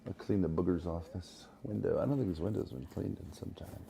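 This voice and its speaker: A man's voice: sits low, brisk, creaky, dark tone, a little hiss or hum. A man streaming live, bickering in a grumpy, sarcastic, bossy way. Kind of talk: bickering livestream chat.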